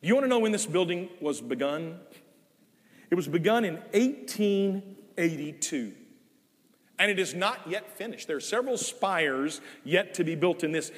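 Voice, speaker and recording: An older man preaches a sermon in a church sanctuary, his pitch rising and falling in lively swings. He presses hard on key words, then drops to soft, drawn-out phrases. His voice is on the higher side and trails off in a long hall reverb. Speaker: guest preacher.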